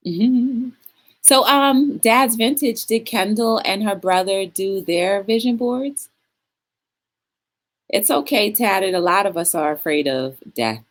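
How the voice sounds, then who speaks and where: A woman's voice: mid-range voice, slow pace. A woman hosting a live talk show, chatting casually and rambling, answering viewers and laughing often. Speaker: talk show host reading live chat. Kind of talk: casual chat.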